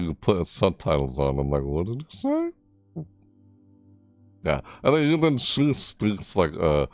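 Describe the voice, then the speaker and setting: A man giving a casual, rambling commentary on a video game, full of fillers, his voice jumping high when surprised. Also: darkish tone, no room sound. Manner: rambling, easily amazed, many fillers. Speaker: gaming YouTuber.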